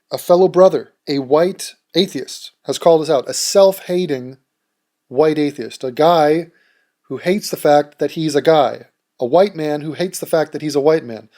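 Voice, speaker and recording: Man, sarcastic commentary host, deadpan mockery, slightly high voice. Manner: reads a text aloud, then rants. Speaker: video host.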